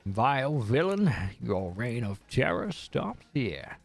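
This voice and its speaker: A man's voice: on the high side, huge pitch swings, unhurried, full character voice. A man voicing a self-absorbed older chef hero in a hammy, half-failed Southern drawl, over faint game music. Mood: heroic.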